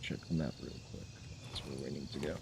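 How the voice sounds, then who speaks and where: A man's voice: very deep voice, fairly even intonation, fast talker, very noisy. A man giving loose, profane gameplay commentary on a stream, with wry asides to his chat. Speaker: game streamer.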